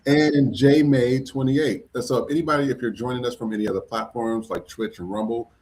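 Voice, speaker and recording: A man's voice: medium pitch, fairly even intonation, fairly quick, a little mellow. A man hosting a live podcast stream, chatty and upbeat, with frequent fillers. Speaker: podcast host. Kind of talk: casual live-stream chat.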